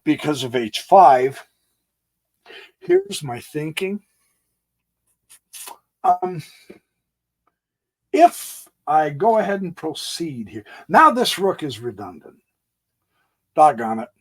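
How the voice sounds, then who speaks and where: Man, folksy chess host, slow deliberate delivery, lively up-and-down voice, thinks out loud. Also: on the high side. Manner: folksy, thinks aloud with homey exclamations; animated, swinging between quiet asides and emphatic bursts. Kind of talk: casual game walkthrough on a physical board.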